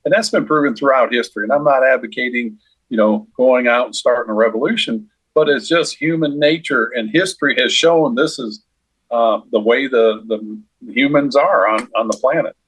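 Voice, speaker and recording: Husky man co-hosting a political podcast. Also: mid-range voice, a bit bright, poor audio. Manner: measured, with many fillers. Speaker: podcast co-host.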